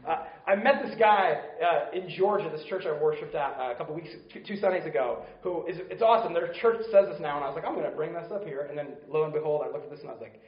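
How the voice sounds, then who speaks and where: A man delivers a sermon in a high, light voice, talking earnestly and conversationally and putting questions to his listeners. His voice rings around a roomy space. The recording sounds a little dull and muffled. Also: fast talker, few pauses. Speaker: preacher.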